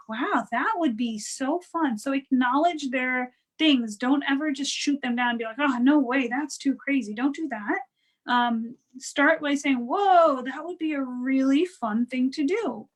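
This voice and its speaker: A woman with a high voice talks through her advice in a relaxed, chatty way. She keeps checking in with her listeners as she goes. Now and then she acts out other people's tones to make a point. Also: low-quality recording. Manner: conversational, frequent "right?" and "you know" tags; acts out quoted voices to show tone. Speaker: guest speaker on parenting and wellness. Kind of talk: casual advice talk.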